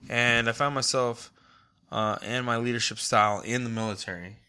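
A man in his thirties chatting casually with his younger brother, a relaxed storyteller who laughs through his anecdotes. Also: mid-range voice, normal speed, smooth. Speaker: interview guest, older brother. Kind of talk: casual family conversation.

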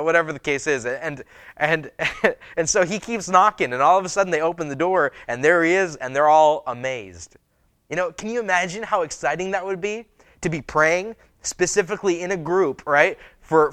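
Pastor, male, sermon delivery; somewhat high voice, dry close sound, reads then retells with fillers. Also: moderate pace, a bit bright, dry recording.

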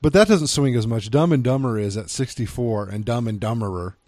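Relaxed man co-hosting a dry-sounding chat. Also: mid-range voice, brisk, no echo. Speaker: podcast co-host. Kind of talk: casual chat.

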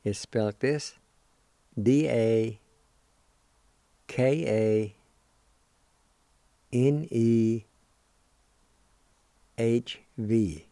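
A man's voice: mid-range voice, very slow, long pauses, warm tone, no echo. A man hosting a radio language lesson, patiently spelling out words and repeating each syllable with encouragement. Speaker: radio host teaching a language.

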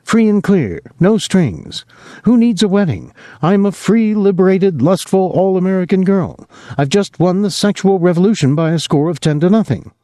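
A man putting on a bitter young woman who taunts and needles, her voice lifted high and swinging widely. The reading is dry and close, with a mellow tone under the sharpness. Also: expressive, normal speed, no room sound. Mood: mocking. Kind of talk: audiobook character voice.

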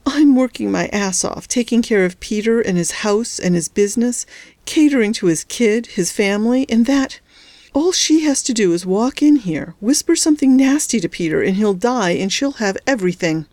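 A woman voicing a bitter, frightened wife in an audiobook, close to her own low voice. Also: lively intonation, normal speed, darkish tone, dry recording, natural voice. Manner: bitter, resentful. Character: bitter, frightened young wife at a hospital bedside. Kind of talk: audiobook character voice.

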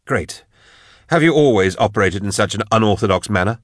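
Brief: man doing a testy aging scholar, pitched up, quick and indignant, audiobook. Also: expressive, no echo, studio quality, close to an everyday voice. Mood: irritated. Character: prickly aging male biologist scholar, defensive. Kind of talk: audiobook narration.

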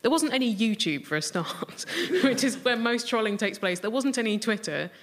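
A woman's voice: on the high side, animated, normal speed. A woman panellist on a comedy news quiz, chatting wryly with jokey asides. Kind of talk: comic panel banter.

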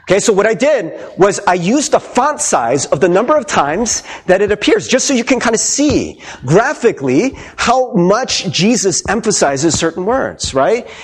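A man preaching a sermon as pastor, playful and animated, asking the congregation many questions. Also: high voice, normal speed, hardly any pauses, breathy edge.

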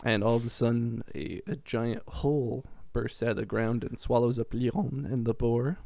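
A man's voice: mid-range voice, fairly even intonation, moderate pace, creaky, mellow, no echo, studio quality. A man co-hosting a podcast, rambling through a casual plot recap and chuckling as he goes. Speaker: podcast co-host recapping a game. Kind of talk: casual chat.

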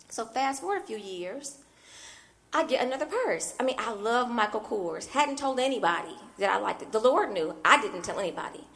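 Woman preacher, fairly high voice, gravelly edge, animated storytelling sermon, keeps saying "I mean". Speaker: minister. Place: church.

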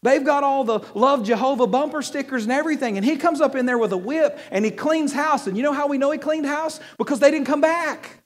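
A man preaches to a congregation with an animated, joking delivery, often stumbling over and repeating words. His voice sits high for a man. The sound carries a long reverb from the hall. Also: a little fast, few pauses. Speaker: pastor. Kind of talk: sermon. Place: church hall with audience.

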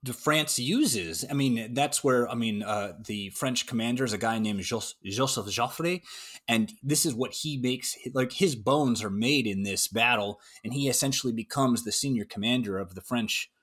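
American guy explaining history on a podcast, rambling, lots of um and restarts, mid pitch. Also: moderate pace, a bit bright. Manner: rambling, many restarts and fillers. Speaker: guest historian. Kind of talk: casual podcast discussion.

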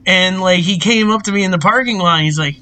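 A man's voice: sits high, fast, pushed and bright, low-quality recording. A young man co-hosting a podcast, chatting casually, laughing often and swearing freely. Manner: laughs often, loose and profane. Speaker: podcast co-host. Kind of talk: casual chat.

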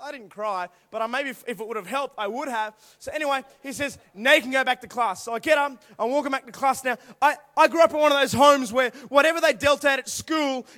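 A young man preaching to a youth group through animated personal stories, acting out voices and now and then bursting into shouts. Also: very high voice. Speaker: youth speaker. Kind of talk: storytelling youth sermon.

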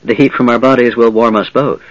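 A young chieftain's daughter speaks calmly and with quiet command, as a man reads her. Audiobook dialogue in his own easy voice, with dull, dry sound. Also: mid-range voice, brisk, dry recording, close to an everyday voice. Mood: tender. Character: proud young chieftain's daughter, calm and gentle. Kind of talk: audiobook character voice.

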